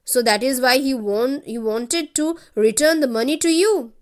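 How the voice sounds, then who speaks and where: A woman's voice: high voice, normal speed, a little mellow. A woman teacher with an Indian English accent, reading a short story aloud and retelling each part in simple words for students. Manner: reads a passage, then retells it in simple words.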